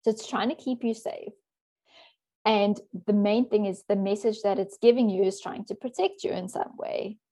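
A woman coach talking thoughtfully in an interview, with soft laughs and restarts. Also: medium pitch, steady tone, moderate pace. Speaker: coach for introverted women. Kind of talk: interview guest.

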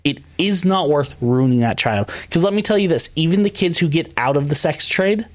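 A man's voice: fairly high pitch, lively intonation, normal speed. A man co-hosting a podcast, talking in an emphatic, heated way, tired after a long day. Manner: emphatic, rises sharply when incensed. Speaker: podcast co-host. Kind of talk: heated opinion talk.

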